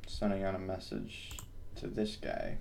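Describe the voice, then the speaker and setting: Low-voiced man co-hosting a game stream. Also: wildly swooping pitch, measured pace, creaky, darkish tone, a little hiss or hum. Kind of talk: casual gaming stream chat.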